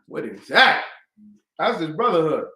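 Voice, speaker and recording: Animated high-voiced man teaching scripture. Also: a little slow, echoey room. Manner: lively, call-and-response, acts out quoted voices. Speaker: class teacher.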